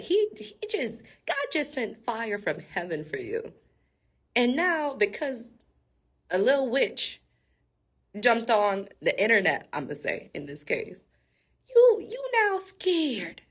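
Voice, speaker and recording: Woman, casual sermon, husky voice, lively pitch, laughs a lot, addresses viewers. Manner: animated, laughs often, talks straight to viewers. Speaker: faith speaker. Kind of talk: casual Bible storytelling sermon.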